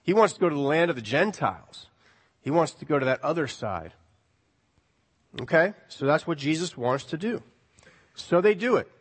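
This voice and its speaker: Male preacher, animated and conversational, rhetorical questions, voice ringing in a large church hall. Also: on the high side, moderate pace, long pauses, husky. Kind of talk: sermon.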